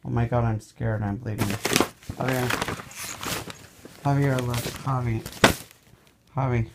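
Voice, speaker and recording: A woman's voice: a bass voice, steady tone, slow, heavy background noise. A woman filming her cat at home in a casual home video, coaxing and scolding it with sudden exclamations.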